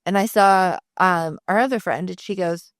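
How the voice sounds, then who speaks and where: Chatty woman telling animated stories. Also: lowish voice, normal speed, no room sound, clean studio sound. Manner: chatty storyteller, acts out friends' quotes, lots of "like". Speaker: podcast co-host. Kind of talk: casual chat.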